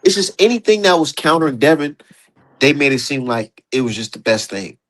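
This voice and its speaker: A man's voice: fairly high pitch, very animated, fairly quick, fairly bright tone. A man hosting a casual boxing talk stream, emphatic and profane, voice jumping up when he gets heated. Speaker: streamer host.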